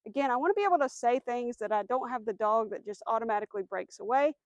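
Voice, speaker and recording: Clear-voiced woman teaching dog training. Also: a little high, animated, fast, no room sound. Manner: clear instructional, firm commands, soft praise to dog. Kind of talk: outdoor dog training demonstration. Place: outdoors.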